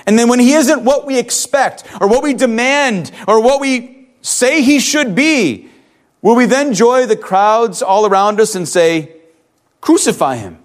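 A man preaching a sermon, earnest, rising to emphatic questions and dropping soft when he tells a story. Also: extremely high pitch, measured pace. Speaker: pastor.

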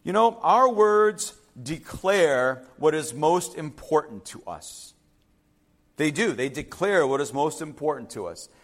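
A man's voice: a little high, lively intonation, measured pace. A man preaching a sermon, emphatic, repeating key phrases and putting questions to the congregation. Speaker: pastor.

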